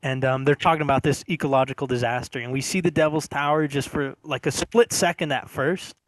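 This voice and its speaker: A man's voice: mid-range voice, steady tone, brisk, dry recording. A man co-hosting a casual film review, retelling scenes and laughing often as he talks.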